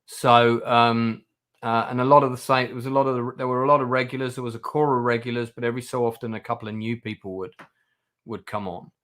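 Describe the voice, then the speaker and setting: A man hosts a casual livestream chat, his voice sitting at an ordinary middle pitch. He rambles along with plenty of fillers and restarts as he talks to his guests. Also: steady tone, fast talker, fairly bright tone. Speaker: channel host.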